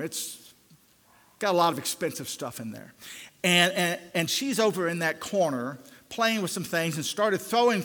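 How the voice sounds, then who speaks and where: An older man preaching a sermon. His delivery swings from loud, fervent climbs to hushed, low pleading. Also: big-room sound.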